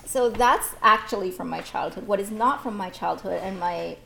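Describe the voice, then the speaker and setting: A woman's voice: mid-range voice, moderate pace, creaky, pushed and bright, a little hiss or hum. A woman chatting casually and explaining food at length, easygoing with many fillers. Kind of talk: casual chat.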